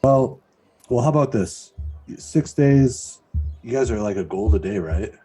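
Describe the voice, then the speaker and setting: Man doing a low, dark, offhand jailbird who haggles. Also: lively intonation, unhurried, husky, faint music behind. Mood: haggling. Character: grumbling male prisoner owed back wages.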